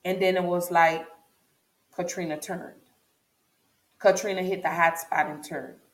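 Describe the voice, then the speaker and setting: A woman's voice: fairly low pitch, steady tone, measured pace. A woman telling her own story as a vlogger, repeating herself for emphasis and speaking straight to her viewers. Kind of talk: personal storytelling vlog. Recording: echoey room.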